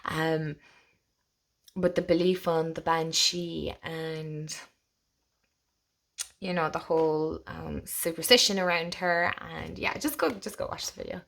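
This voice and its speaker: A young woman with an Irish accent talks through a deck of cards in a loose, chatty way. Her voice sits a little low for a woman, and she slips between bright gushing and soft, hushed asides. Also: fairly even intonation, slow, vocal fry, pauses often. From Ireland. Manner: chatty, gushing, laughs often, drifts into soft whispers. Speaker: tarot channel host. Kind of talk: casual deck walkthrough.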